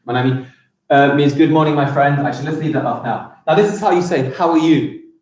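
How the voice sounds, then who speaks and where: Lively male teacher, echoey room. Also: on the high side, a little fast. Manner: animated, exaggerated pronunciation for children. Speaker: primary school teacher. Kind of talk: live online lesson for young children.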